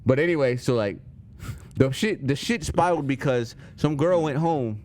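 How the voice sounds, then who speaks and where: A man's voice: medium pitch, normal speed. Young man telling a wild story. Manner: animated, profane, acts out voices in his stories. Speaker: podcast co-host. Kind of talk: casual storytelling.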